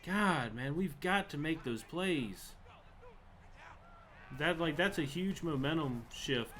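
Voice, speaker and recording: A man's voice: on the high side, expressive, slow pace, fairly bright tone. A young man giving live commentary over a football video game, frustrated and swearing as he rants about the plays. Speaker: gaming channel host.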